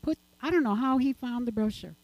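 A woman's voice: a little high, fairly quick, dry recording, lo-fi sound. An older woman giving a chatty, rambling church talk and personal testimony, laughing often as she goes.

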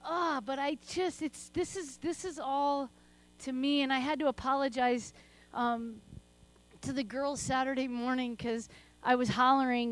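A middle-aged woman preaching a sermon and praying, passionate, laughing often and swinging between soft and loud delivery. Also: high voice, steady tone, moderate pace, clean tone. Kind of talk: sermon with prayer.

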